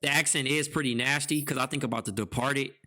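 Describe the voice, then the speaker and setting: A man's voice: medium pitch, steady tone, quick pace, pushed and bright. A young man co-hosting a casual podcast chat, joking around and reading out listener answers. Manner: laid-back, jokey, reads out listener answers. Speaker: podcast co-host.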